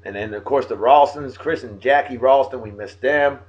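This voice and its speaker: A jovial man, talking casually to his viewers as a show host. His delivery is folksy and animated, with big swings in pitch. The sound is a bit dull, like a simple home recording. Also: moderate pace. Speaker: host of a daily beer and song video show. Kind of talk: casual shout-outs monologue.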